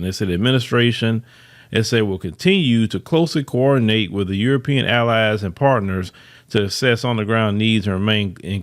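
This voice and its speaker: A man hosting a podcast, giving emphatic news commentary, reading reports aloud and repeating words for stress. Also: mid-range voice. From United States. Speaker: podcast host.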